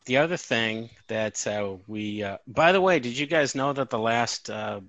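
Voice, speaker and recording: A man's voice: medium pitch, lively intonation, moderate pace, a bit bright, no room sound, highs cut off. A man hosting a podcast, chatting casually over a video call and often correcting himself as he talks. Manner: rambling, self-correcting. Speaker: podcast host. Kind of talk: casual chat.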